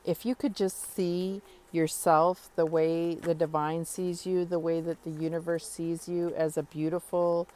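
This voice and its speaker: A woman giving a spoken tarot reading, talking earnestly and reassuringly straight to the listener, with pauses and fillers as she thinks. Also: fairly low pitch, level tone, darkish tone. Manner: thoughtful with frequent pauses and fillers. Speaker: tarot reader.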